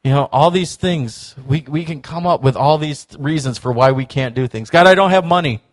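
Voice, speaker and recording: A man's voice: mid-range voice, moderate pace. A man preaching a sermon in a church, telling stories and acting out quoted voices. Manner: storytelling, animated, acts out quoted voices. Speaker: pastor.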